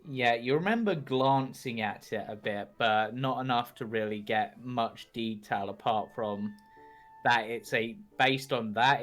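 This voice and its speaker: A man narrating a tabletop game as game master, relaxed and chuckling, with plenty of ums. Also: on the low side.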